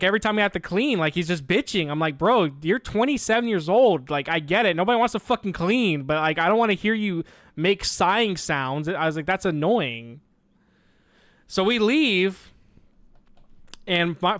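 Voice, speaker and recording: A man's voice: high voice, moderate pace, dry recording. A young man, a streamer, casually telling a story with lots of swearing and quoted back-and-forth dialogue. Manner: profane, animated retelling with quoted dialogue.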